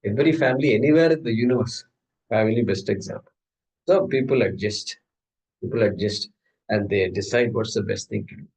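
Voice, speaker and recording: A man's voice: lowish voice, brisk, creaky, a little mellow, low-quality recording. A man teaching an informal scripture class, humorous and conversational, often asking and answering his own questions. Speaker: Gita teacher.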